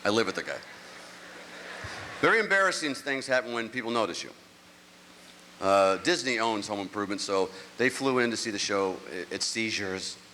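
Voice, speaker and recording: Stand-up comic, man, middle-aged, bright edgy voice, rambling self-mocking stories, live hall reverb. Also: lowish voice, expressive, moderate pace, a little hiss or hum. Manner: rambling, self-mocking storytelling with act-outs. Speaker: stand-up comedian. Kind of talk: stand-up comedy set. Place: large live venue, on stage. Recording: live show audio with long hall reverb.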